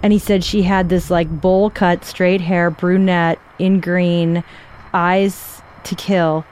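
Woman calmly telling her own story. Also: on the low side, slow, slight background noise. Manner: casual, conversational, with fillers like "like". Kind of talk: personal storytelling.

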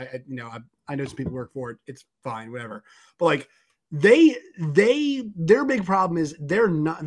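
Guy hosting a sports podcast, kinda high voice, rambles a lot, super animated. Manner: animated, rambling, lots of fillers. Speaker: podcast host. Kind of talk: casual sports talk.

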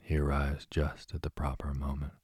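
Lively teasing young woman, as a deep-voiced man reads her. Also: slightly rough, no echo, clean studio sound. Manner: slow, soft, even reading.

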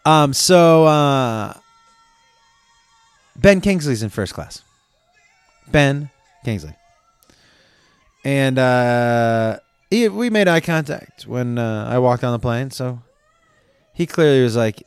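A man's voice: mid-range voice, expressive, slow, pauses often, clean tone, dry recording, faint music behind. A man hosting his show, telling a long casual story with lots of swearing, asides and self-corrections. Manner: rambling, profane, self-correcting.

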